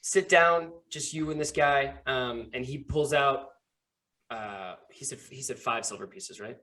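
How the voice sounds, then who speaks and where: Man, game master, tabletop narration, rambling, middle pitch. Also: a little slow, sharp tone. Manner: loose and rambling, with many fillers.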